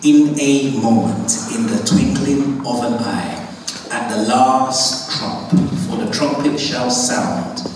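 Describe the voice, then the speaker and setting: A man reads scripture slowly and solemnly, raising his voice on the emphatic lines. He sounds far from the microphone in a big church hall. There is a heavy, long echo and a faint hiss. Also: mid-range voice. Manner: solemn, measured reading with raised emphatic lines. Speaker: scripture reader at a funeral. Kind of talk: reading scripture aloud.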